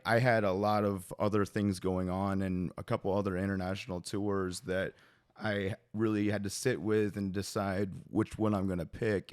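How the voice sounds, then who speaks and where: A man's voice: low-pitched, darkish tone, dry recording, clean studio sound. A man, a guest drummer, talking casually with frequent hesitations and restarts. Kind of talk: casual conversation.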